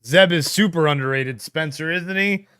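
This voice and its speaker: In a dry studio-quality recording, the co-host speaks a little high at a moderate pace, his tone clear and resonant. He's laid-back on the livestream, reacting to comments from viewers and thinking out loud with fillers and laughs.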